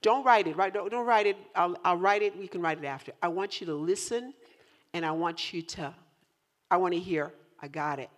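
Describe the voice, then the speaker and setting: A woman pastor preaching a sermon to her congregation, animated and teasing, rising to loud emphatic peaks. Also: on the low side, brisk. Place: church in central New York.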